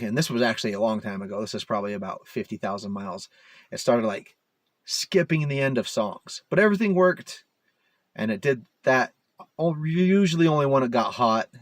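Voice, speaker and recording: A man's voice: medium pitch, dry recording. A man rambling casually to the camera as a DIY car repair vlogger, full of fillers and self-mocking asides, recorded inside a parked SUV.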